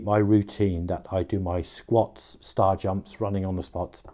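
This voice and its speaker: An older man chatting in a relaxed, self-mocking way as he talks through his daily home exercise routine. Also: deep voice, moderate pace, few pauses. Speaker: home video diarist. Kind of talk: casual home video talk.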